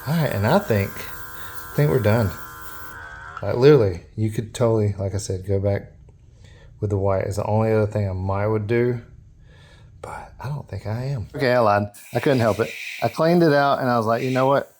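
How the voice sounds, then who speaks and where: A man's voice: fairly low pitch, moderate pace, a little mellow, a little hiss or hum. Chatty man narrating his airbrush work. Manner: chatty, self-talk while working, counts out steps. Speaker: airbrush artist and tutorial host. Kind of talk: casual narrated painting tutorial.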